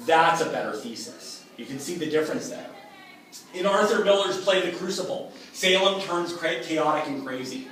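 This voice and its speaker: Upbeat, emphatic male teacher, slightly high voice, miked from afar in a very echoey room. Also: a bit bright, slight background noise. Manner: upbeat, emphatic, contrasts weak and strong examples. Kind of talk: explanatory lecture. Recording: echoey room from a distance with faint ambience.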